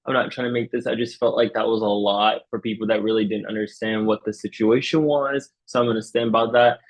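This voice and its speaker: A man's voice: fairly low pitch, steady tone, fairly quick, poor audio. Breezy friendly man contestant. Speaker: game contestant. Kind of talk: casting votes in a reality game.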